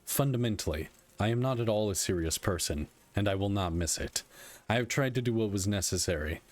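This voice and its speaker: A man reading aloud the lines of a weary male god-king who speaks dryly and candidly, in a plain, measured voice. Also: fairly low pitch, lively intonation, a little mellow, close to an everyday voice. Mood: solemn.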